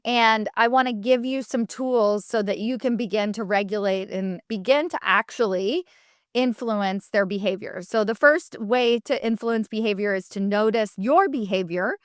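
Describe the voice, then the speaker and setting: A woman hosting a solo podcast, talking to listeners in a candid, story-driven way that moves into practical coaching. Her voice is smooth and clear, at a middle pitch. The sound is close and dry. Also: normal speed, no echo. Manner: candid, chatty storytelling with self-quotes; coaching, advice-giving. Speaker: podcast host.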